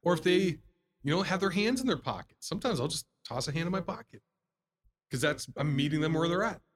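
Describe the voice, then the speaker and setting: Male co-host, somewhat high voice, lively storyteller, laughs a lot. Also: a little fast. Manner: animated storyteller, laughs often, acts out customers. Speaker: podcast co-host, salesman. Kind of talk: casual chat.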